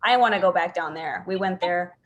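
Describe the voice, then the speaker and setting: A woman from Central Wisconsin hosts a casual team training over a video call. She talks in a chatty, animated way, with quick asides. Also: lowish voice, muffled recording, slight background noise.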